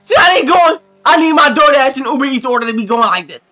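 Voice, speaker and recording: A man hosting a reaction video, with excitable, exclamatory commentary full of profane slang. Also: very high voice, quick pace, dull audio.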